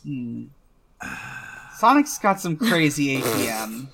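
Man, podcast co-host, casual chat, slow, bright tone, hesitant. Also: mid-range voice, big pitch swings, slightly rough. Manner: hesitant, many fillers and restarts.

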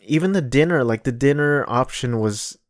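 A man's voice: mid-range voice, expressive, normal speed, no room sound, clean studio sound. A man in his thirties telling a rambling travel story in a casual, wry way, often correcting himself mid-sentence. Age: 30s.

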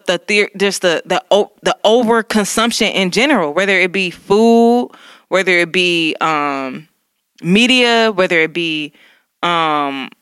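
Bright, crisp woman in casual chat. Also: lowish voice, dry recording, clean studio sound. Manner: rambling, heavy use of "like", laughs often. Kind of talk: casual conversation.

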